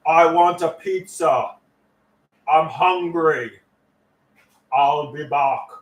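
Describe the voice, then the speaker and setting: A man voicing a hulking male action-hero tough guy in a put-on thick Austrian accent, with slow, heavy, clipped threats. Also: on the high side. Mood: deadpan. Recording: roomy, from a distance.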